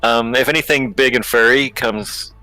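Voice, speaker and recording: A man playing in a tabletop game, slow and giggly, joking as he describes his character's moves. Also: medium pitch, fairly even intonation, sharp tone, poor audio. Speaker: player.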